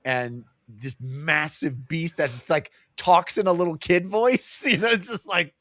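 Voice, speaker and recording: A man co-hosting a casual book discussion, animated and acting out characters in funny voices. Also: on the high side, measured pace, no room sound, studio quality. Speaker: podcast co-host.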